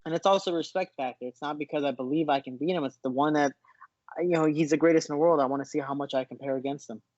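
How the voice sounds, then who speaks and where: A man, a fighter guest in a casual interview, telling animated stories with lots of restarts, over muffled video call audio. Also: a little high, quick pace, no echo. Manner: animated storyteller, frequent restarts.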